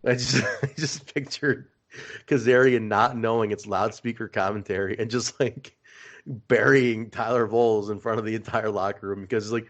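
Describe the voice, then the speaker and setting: A man in his usual speaking range co-hosts a casual podcast and tells stories with animated energy, laughing through them. The recording sounds a little dull and lo-fi. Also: mid-range voice, moderate pace. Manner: animated storyteller, laughs while retelling. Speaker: podcast co-host.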